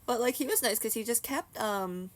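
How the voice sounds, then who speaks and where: A woman's voice: fairly high pitch, lively intonation, moderate pace. Chatty woman telling a rambling story. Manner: rambling, full of "like" and restarts. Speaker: vlogger. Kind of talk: casual storytime monologue.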